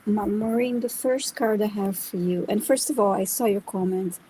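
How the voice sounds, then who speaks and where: A woman's voice: mid-range voice, normal speed, warm tone, slight background noise, low-quality recording. A woman guest giving a live spiritual reading, earnest and encouraging, often repeating words as she restarts a thought.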